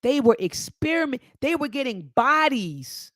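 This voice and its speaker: A woman's voice: high voice, big pitch swings, unhurried, fairly bright tone, no room sound. A woman hosting a book club, reading passages aloud and commenting with passion, addressing listeners as family and repeating phrases for emphasis, at times near tears. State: near tears, voice dropping low.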